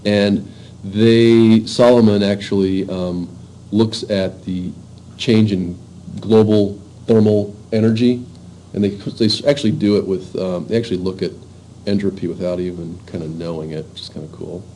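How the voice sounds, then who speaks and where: A man lecturing to a university class in an informal, halting way, with frequent fillers and restarts. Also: lowish voice, steady tone, mellow, slight background noise, rough recording.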